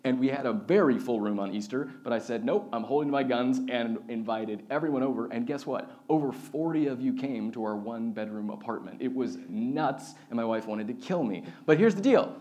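A man in his thirties, a pastor, preaching a sermon with lively personal stories and acted-out voices. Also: medium pitch, fairly quick, hardly any pauses. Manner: animated storytelling, acts out quoted voices.

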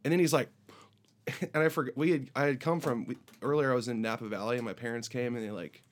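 A man telling a story in casual chat as a musician guest, animated and acting out the people in it. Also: fast talker. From United States. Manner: animated anecdote teller, voices border guards with raised pitch.

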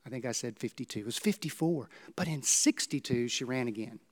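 A male pastor, preaching a sermon and telling stories with dramatic swings in pitch and volume. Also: a little fast.

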